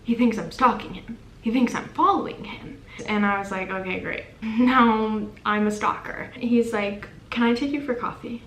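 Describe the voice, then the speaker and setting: A woman's voice: fairly high pitch, normal speed, a little hiss or hum. Chatty young woman, echoey room. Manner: chatty, animated, self-deprecating. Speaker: vlogger. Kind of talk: casual storytime chat. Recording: echoey room with faint ambience.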